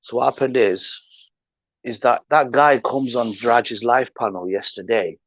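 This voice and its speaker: Man, livestream host, combative slangy ranter, middle pitch, dull lo-fi sound. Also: fairly even intonation, measured pace, no room sound. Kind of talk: heated casual livestream rant. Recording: dull lo-fi stream audio.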